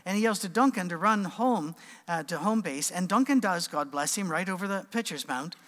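Middle-aged pastor, a comic storyteller who acts out voices; slightly high voice in a reverberant hall. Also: male voice, moderate pace, a little hiss or hum. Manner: animated storyteller, acting out voices. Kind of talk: sermon with humorous storytelling.

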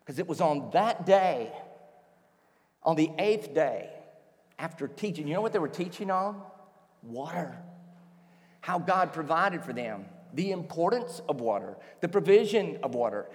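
A pastor delivers a sermon with animated storytelling, slipping into quick acted-out voices for the people in his story. His voice sits a touch higher than most men's. The sound carries the long reverb of a large church hall.

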